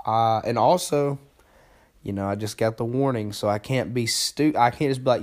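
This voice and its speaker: A man's voice: mid-range voice, normal speed, darkish tone. A young man hosting a podcast, telling a story in a casual, profane, self-mocking way that rambles along. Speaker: podcast host.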